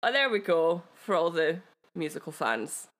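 A woman's voice: on the low side, big pitch swings, normal speed, fairly bright tone. A Scottish woman co-hosting a podcast, chatting casually and telling a history story with giggly, self-deprecating asides. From Scotland. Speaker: podcast co-host.

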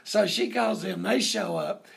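Gravelly, husky man telling a rambling story. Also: sits high, a bit bright. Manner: unhurried, rambling with many fillers and laughs. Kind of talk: casual family storytelling.

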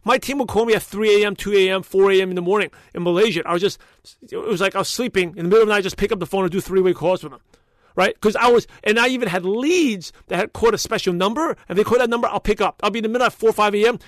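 A man hosting a solo podcast, talking in an energetic, emphatic, motivational way that rambles and often restarts sentences. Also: sits high, racing, dry recording, studio quality. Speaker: podcast host.

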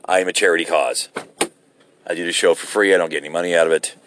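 A man's voice: low voice, steady tone, quick pace, fairly bright tone, slight background noise. A man hosting a solo podcast from his car as he drives, delivering a profane, rambling, sarcastic rant. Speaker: podcast host. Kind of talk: ranting solo podcast while driving. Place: car while driving.

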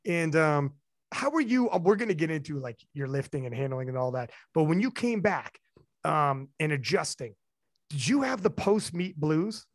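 A young man hosts a relaxed conversation, spinning animated stories full of slang. His voice sits slightly higher than most men's. The sound is dry and close, with no room around it. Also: moderate pace, no echo. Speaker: podcast host and event commentator. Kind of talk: casual chat.

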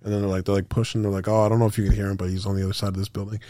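A man's voice: on the low side, racing, no room sound. Male podcast co-host, casual storyteller, swears freely, acts out voices and gunfire, dry close mic. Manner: animated, profane, acts out quotes with sound effects.

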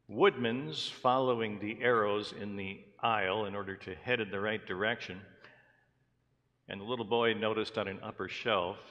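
Low-voiced male pastor in an echoing church. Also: bright, forceful tone. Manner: reads scripture, then tells stories in an earnest preaching voice. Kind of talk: sermon. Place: church sanctuary. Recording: long hall reverb in a church.

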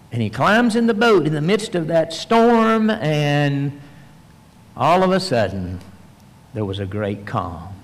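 A man preaching a sermon in a folksy storytelling manner, swinging between animated emphasis and hushed, soft passages. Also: a little high. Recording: long reverb, large hall.

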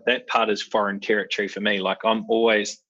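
A man's voice: lowish voice, level tone, a little fast, fairly bright tone. A man hosting a casual interview, curious and blunt, swearing casually as he asks questions. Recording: dull lo-fi sound.

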